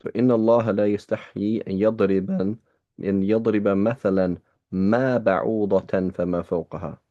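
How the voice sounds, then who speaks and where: A man's voice: fairly low pitch, fairly even intonation, rapid-fire, muffled recording. A man teaching a small class, reading and explaining texts in a casual, rambling way and asking his students rhetorical questions.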